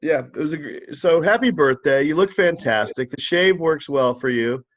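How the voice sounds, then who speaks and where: Man, co-host, slightly higher voice, teasing banter, muffled lo-fi sound. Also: animated, normal speed. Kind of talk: casual chat.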